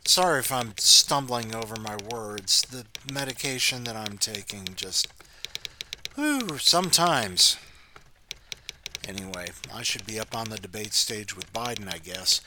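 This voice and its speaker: A man's voice: fairly low pitch, lively intonation, a little slow, background noise. A man hosting his own short podcast, reading a brief story aloud with dry, self-deprecating asides and a few stumbles over his words.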